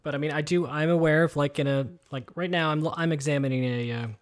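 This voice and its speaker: Rambling man with a raised pitch. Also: steady tone, quick pace. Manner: rambling, hesitant, many fillers and restarts. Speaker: podcast co-host. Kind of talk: casual podcast chat. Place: home kitchen. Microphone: headset microphone with headphones.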